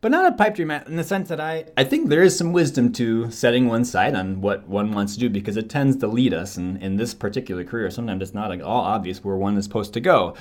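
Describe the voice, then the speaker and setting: A young adult man from Wisconsin, an actor talking about his career in an animated, relaxed interview. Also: lowish voice, fast, few pauses. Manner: animated, switches into playful accents. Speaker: actor, podcast guest.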